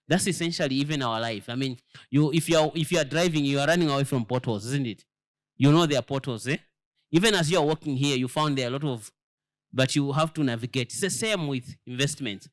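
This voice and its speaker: Man, church elder, sermon-style lesson, fairly high voice, emphatic rhetorical questions, stumbling repeats. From Zambia. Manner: emphatic, rhetorical questions to the audience, repeats words while searching.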